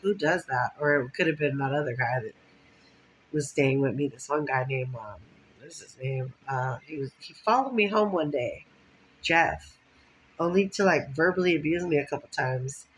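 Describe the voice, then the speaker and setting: A woman's voice: sits low, expressive, moderate pace, poor audio. Rambling, profane woman vlogger. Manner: rambling, profane, laughs often. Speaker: vlogger telling stories. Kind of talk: casual storytelling monologue. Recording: faint background noise.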